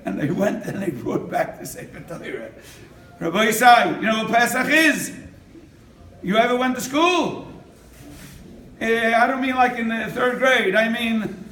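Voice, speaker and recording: An older man preaching as a rabbi, animated, acting out quotes and laughing as he tells stories. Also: very high voice, unhurried, pauses often, slight background noise. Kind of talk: sermon with storytelling. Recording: echoey room from far off.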